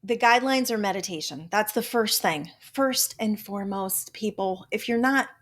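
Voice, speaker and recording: A woman's voice: medium pitch, expressive, normal speed, a bit bright. An older woman hosting a motivational self-help talk show, emphatic and blunt, swearing casually and now and then slipping into a joking Southern drawl. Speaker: podcast host.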